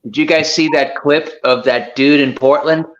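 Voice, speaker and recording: A man with a slightly raised voice recounts a funny story with small laughs. His audio is dull and lo-fi, as if the highs were cut. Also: steady tone, normal speed, a loud crowd. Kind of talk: casual group chat.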